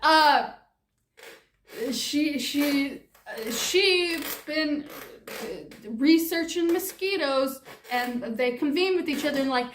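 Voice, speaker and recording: A woman's voice: high-pitched, takes it slowly, echoey room, noisy background. A young woman improvising a rambling comedic story, giggly and scattered, swearing as she goes.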